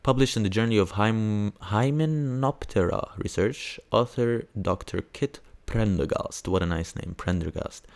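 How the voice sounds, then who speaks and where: A man hosting a casual science news podcast, rambling and hesitant with lots of fillers, now and then breaking into high squeals of delight. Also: measured pace, creaky, few pauses, darkish tone. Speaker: podcast host.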